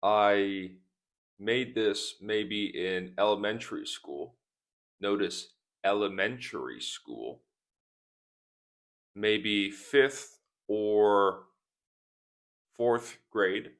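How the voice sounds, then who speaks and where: A male English teacher talks to the camera from his desk at an unhurried crawl, each word set apart. His voice sits on the low side. He keeps stopping to repeat single words so learners can catch the pronunciation. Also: fairly even intonation, fairly bright tone. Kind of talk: slow, deliberate teaching talk. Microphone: speaking to camera at a desk.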